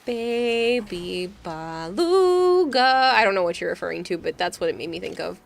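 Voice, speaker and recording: A woman streaming a game, chatting casually and telling animated stories with lots of laughter. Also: medium pitch, moderate pace, creaky, faint music behind. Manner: giggly, animated storyteller. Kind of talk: casual chat while gaming.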